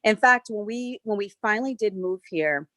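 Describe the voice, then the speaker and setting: A woman from South Carolina with a Southern accent, a winery owner chatting through a virtual tour with relaxed, friendly storytelling. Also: mid-range voice, moderate pace, no room sound. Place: winery tasting room.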